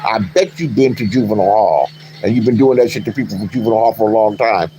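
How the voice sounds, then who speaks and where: A man's voice: on the low side, quick pace, mellow, slight background noise. An older man, an online commentator, delivering a profane, boastful rant into his phone in a taunting, swaggering manner.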